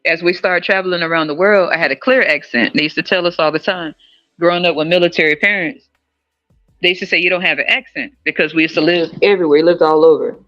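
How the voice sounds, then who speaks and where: A podcast host from the US West Coast in a casual monologue, animated and profane, laughing often and jumping up in pitch. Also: quick pace. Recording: slightly muffled, faint music.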